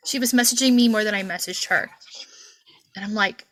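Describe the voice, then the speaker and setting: Woman in her 40s hosting a podcast over a video call, bright voice, laughs a lot while telling her story. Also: mid-range voice, fairly quick, long pauses, rough recording. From Kentucky, USA. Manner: animated storyteller, acts out quoted voices, laughs often. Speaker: podcast host.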